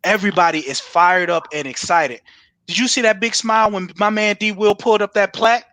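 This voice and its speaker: Fired-up, high-voiced man preaching a pitch. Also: fairly quick, bright, forceful tone. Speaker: guest presenter. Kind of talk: energetic sales pitch on a livestream.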